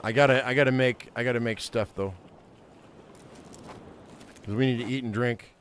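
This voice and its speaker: A man's voice: medium pitch, steady tone, moderate pace, a little hiss or hum. A man hosting a gaming channel, talking to himself through a survival game in a casual way and getting easily frustrated and swearing. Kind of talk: casual gameplay commentary.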